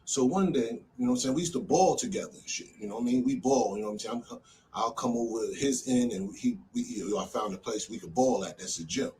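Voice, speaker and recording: A man from New Jersey casually telling a street story in a loose, animated way, often filling with "you know what I'm saying.". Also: medium pitch, quick pace, distant mic, slight background noise, low-quality recording.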